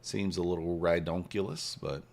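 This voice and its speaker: A man hosting a trading livestream, casually reading and answering viewer chat while he trades, swinging between hyped shout-outs and quiet muttering. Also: deep voice, moderate pace, vocal fry. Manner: hypes viewers, reads chat aloud, shifts from excited shouts to mumbling. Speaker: livestream host, futures trader.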